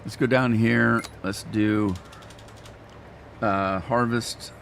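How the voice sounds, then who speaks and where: A man's voice: lowish voice, fairly even intonation, very slow, gravelly, a bit bright, a little hiss or hum. An older man giving rambling, self-deprecating commentary while playing a farming game. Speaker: gaming streamer. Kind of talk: casual gameplay commentary.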